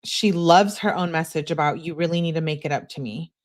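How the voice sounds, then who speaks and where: A woman's voice: deep voice, a little fast. Scornful young woman reading texts aloud. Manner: blunt, scornful asides. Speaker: true crime commentator. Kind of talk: reading text messages aloud with commentary.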